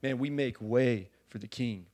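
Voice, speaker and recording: A man preaching a sermon in a church, talking casually with many fillers and building to loud fervor. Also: medium pitch, unhurried. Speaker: pastor.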